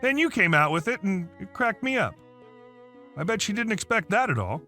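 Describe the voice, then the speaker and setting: A man narrating a story aloud in a lively, chatty way. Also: sits high, normal speed, soft background music.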